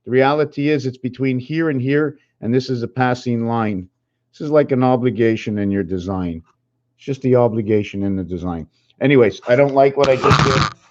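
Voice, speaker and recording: A man hosting his own channel, musing in a halting way, counting and spelling things aloud while drawing, a little out of breath. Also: mid-range voice, a little mellow. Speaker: channel host. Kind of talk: rambling numerology talk while drawing. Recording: slightly dull lo-fi recording.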